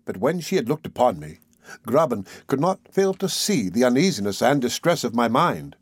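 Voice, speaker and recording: A man reading a classic novel aloud in a measured, expressive way. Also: medium pitch, husky, no echo. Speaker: audiobook narrator. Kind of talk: scripted narration of a classic novel.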